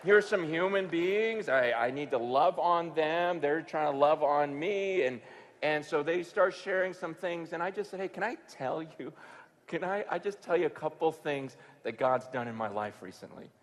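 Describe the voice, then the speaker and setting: A man preaching a sermon, telling a story in a conversational way that swings from hushed to sudden loud bursts. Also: a little high, normal speed, long reverb tail, a little hiss or hum. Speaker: pastor.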